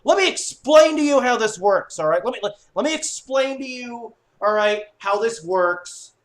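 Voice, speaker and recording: A man giving an upset, sweary sports fan rant, swinging from low muttering to shouting. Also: lively intonation, moderate pace. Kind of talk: ranting fan monologue.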